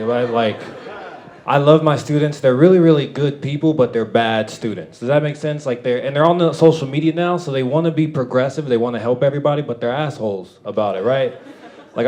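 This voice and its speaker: A man performing a stand-up comedy set, loud and animated, often laughing at his own jokes. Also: mid-range voice. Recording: live club with crowd laughter. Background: audience laughing and clapping.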